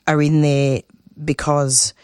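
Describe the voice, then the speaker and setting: An Australian woman, a community radio producer and host, talking earnestly as an interview guest, with restarts and pauses. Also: low-pitched, flat delivery, a little mellow, clear, resonant tone, no room sound, clean studio sound.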